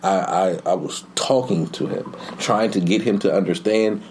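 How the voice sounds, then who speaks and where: A man in casual podcast chat, telling a story and jumping into high voices to quote others. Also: normal speed, a little hiss or hum, poor audio. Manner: animated storyteller, jumps high to quote kids. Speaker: podcast guest.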